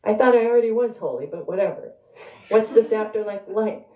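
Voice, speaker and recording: A man's voice: high voice, fairly quick, darkish tone, voice pushed up, close to an everyday voice. A woman reading aloud and voicing a playful, joking male AI version of a dead husband. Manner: teasing, jokey. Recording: roomy echo.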